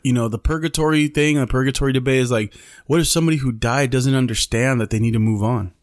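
Podcast co-host, man, mid pitch, easygoing storyteller full of bro and dude, dry close sound. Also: steady tone, fast, no echo. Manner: laid-back, swears freely, says bro and dude. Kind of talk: casual storytelling chat.

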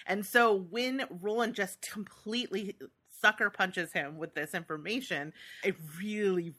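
A woman's voice: medium pitch, pushed and bright. A woman co-hosting a podcast, chatting casually and enthusiastically about a book she loves. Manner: enthusiastic, reads passages aloud. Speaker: podcast co-host.

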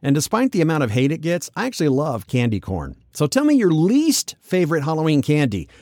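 Animated male podcast host, dry mic. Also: fairly high pitch, no room sound. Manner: animated, chatty, jumps into quick character voices. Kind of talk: casual solo podcast commentary.

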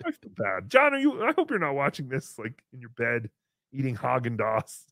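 A man's voice: medium pitch, wildly swooping pitch, moderate pace, fairly bright tone, no room sound, clean studio sound. A man hosting a comedy podcast, rambling in a goofy, joking way. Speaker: podcast host.

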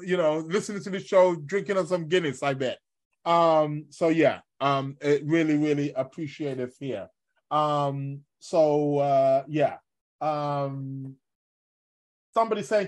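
Rambling male astrology host, chatty. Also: on the high side. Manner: rambling, chatty, full of fillers and shout-outs. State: ill with covid, in bed. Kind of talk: casual live-stream talk. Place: in his bed at home.

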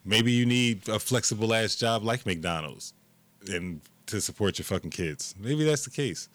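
A man's voice: lowish voice, moderate pace, a bit bright, no echo. A man co-hosting a casual podcast, giving blunt, profane opinions. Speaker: podcast co-host. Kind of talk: casual chat.

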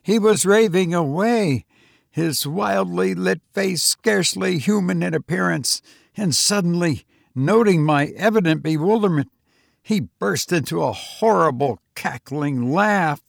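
Slow gravelly male audiobook narrator. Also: sits high, no room sound, studio quality. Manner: measured, deliberate. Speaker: audiobook reader. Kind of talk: storybook narration.

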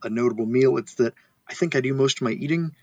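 A man's voice: medium pitch, fast, darkish tone, no echo, dull audio. A man who is a guest on a casual podcast, rambling in a laid-back way. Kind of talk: casual storytelling interview.

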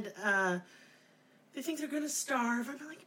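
A woman's voice: on the high side, unhurried, fairly bright tone. A middle-aged woman hosting a podcast, telling a fairy tale in a crude, sarcastic, comic way. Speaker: podcast host. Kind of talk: profane comedic storytelling.

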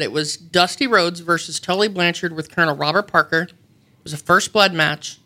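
Bright-voiced woman telling stories animatedly. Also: fairly low pitch. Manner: animated, self-mocking storyteller. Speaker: guest, wrestling personality. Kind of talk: casual storytelling. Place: radio studio.

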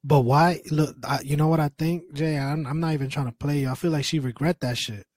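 A man's voice: on the high side, steady tone, brisk, darkish tone, no room sound. A young man, a podcast co-host, bantering bluntly and animatedly with plenty of swearing. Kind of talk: casual chat.

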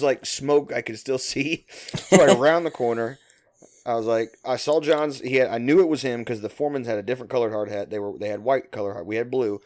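Profane rambling man telling a story. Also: mid-range voice. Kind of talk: casual chat.

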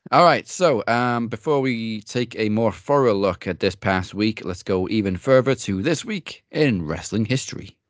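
A man with a deep, low voice co-hosts a podcast in relaxed, joking chat. The sound is dry and close, with no room behind him. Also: unhurried, dry recording. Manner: laid-back, joking, with frequent fillers and laughs. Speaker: podcast co-host. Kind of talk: casual chat.

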